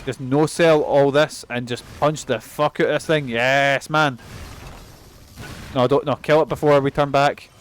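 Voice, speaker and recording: Male streamer, young, chatty and sweary, mid-pitched voice, loose rambling gameplay commentary. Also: steady tone, normal speed, few pauses. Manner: rambling and sweary, laughs often.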